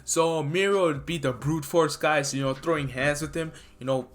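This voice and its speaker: A man casually retelling a fan story, rambling excitedly and tripping over names. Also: a little high, normal speed.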